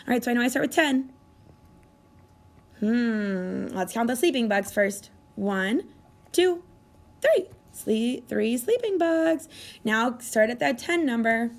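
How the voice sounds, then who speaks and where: A kindergarten teacher with a high voice leads young children through a math lesson at a measured pace, sing-song and animated. She coaxes answers with encouraging questions and gasps in exaggerated delight.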